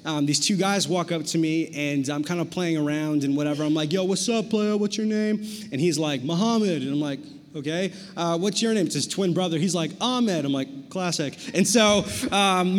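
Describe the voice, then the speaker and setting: A young man speaking to students, telling a story with lively acted-out dialogue before turning solemn. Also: sits high. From Canada. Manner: slows into quiet, solemn delivery. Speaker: youth speaker. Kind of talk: sermon with storytelling. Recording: long hall reverb.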